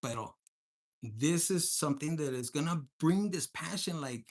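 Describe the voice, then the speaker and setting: A tarot reader giving a casual collective reading, blunt and profane, animated, slipping Spanish words into the talk. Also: mid-range voice, normal speed.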